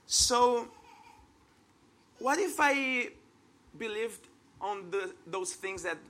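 A man in his thirties speaks with a Brazilian Portuguese accent, his voice high and bright. He preaches a sermon at an unhurried pace, earnest and conversational, and a faint room ambience hangs behind him. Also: expressive. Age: 30s. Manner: earnest, conversational, laughs at himself.

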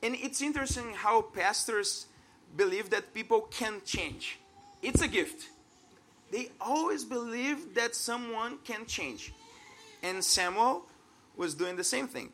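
In his thirties and speaking with a Brazilian Portuguese accent, this preacher has a high, bright, expressive voice. His sermon is unhurried, sincere and chatty, with self-deprecating laughs, set against faint room ambience and a little hiss or hum.

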